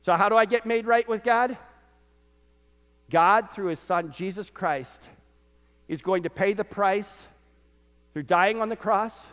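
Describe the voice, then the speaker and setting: A man preaching a sermon as pastor to his congregation, animated, his voice swinging from loud peaks to quiet lows. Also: measured pace, pauses often. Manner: animated preaching, voice rising and dropping sharply. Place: church sanctuary. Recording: church sanctuary with long reverb.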